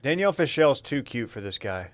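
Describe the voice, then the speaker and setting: A man with a mid-pitched voice chats on a podcast. His humor is dry and deadpan as he ribs his friends. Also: a little fast. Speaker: podcast co-host. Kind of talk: casual chat.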